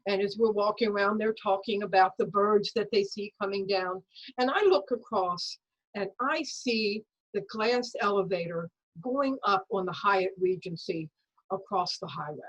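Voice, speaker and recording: A woman telling a personal story at a story slam over a video call, in a lively, dramatic way. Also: medium pitch, moderate pace, muffled recording. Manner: lively, dramatic storytelling that acts out voices and sounds.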